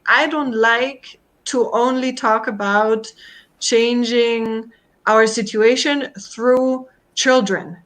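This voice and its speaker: A woman in her thirties from Germany speaks as a guest expert. Her voice is slightly high, and she explains her view in a measured, thoughtful way. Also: a bit bright, poor audio. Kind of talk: video-call discussion.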